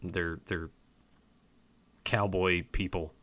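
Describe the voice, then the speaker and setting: A man with a slight Southern US accent, co-hosting a podcast in casual, animated chat. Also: deep voice, drawn-out words. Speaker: podcast co-host.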